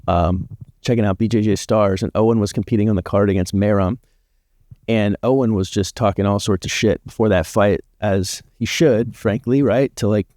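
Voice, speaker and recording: A man's voice: on the low side, no room sound, studio quality. A man guesting on a podcast, telling casual stories with many "like" fillers. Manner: relaxed storyteller with frequent "like" fillers. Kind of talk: casual storytelling chat.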